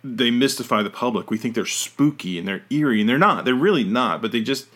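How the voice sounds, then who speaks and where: A man's voice: medium pitch, expressive, a little fast, fairly bright tone. A man hosting a podcast in casual chat, rambling and often correcting himself mid-sentence. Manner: rambling, self-correcting, trails off. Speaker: podcast host.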